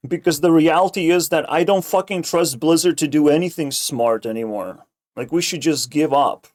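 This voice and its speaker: Streamer, male, slightly high voice, sarcastic, swears nonstop, rambles. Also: moderate pace, a little mellow. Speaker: streamer reacting to a video. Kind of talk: casual profane rant.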